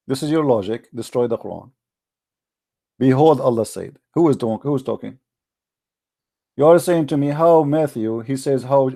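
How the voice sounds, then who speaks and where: A man's voice: medium pitch, vocal fry, dark tone. A man hosting a heated call-in debate, arguing hard and repeating his questions over and over. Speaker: debate host.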